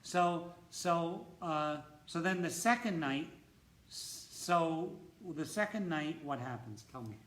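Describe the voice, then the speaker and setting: A man with a slightly high voice hosts a casual interview, speaking emphatically and often repeating his opening words. The sound is roomy and echoey. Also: expressive, takes it slowly, fairly bright tone. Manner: emphatic, repeats words when starting sentences. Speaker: host of a retreat center talk.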